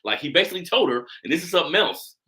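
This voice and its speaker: A man hosting a casual podcast, animated, calling his listeners family and laughing easily. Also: fairly high pitch, racing. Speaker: podcast host.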